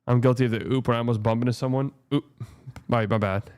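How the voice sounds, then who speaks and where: A young man hosting a live watch-party stream who jokes around and swears casually with his viewers. His voice is smooth and clear at a middle pitch. It sounds dry and close, with no room behind it. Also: steady tone, fast talker, darkish tone, no echo. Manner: joking, chatty, swears casually.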